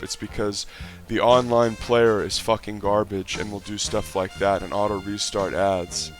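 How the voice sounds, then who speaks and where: A man doing mock play-by-play commentary over a game clip and ranting in a profane, exasperated way, sometimes breaking into shouts of excitement. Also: fairly low pitch, a little slow, soft background music. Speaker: online video commentator.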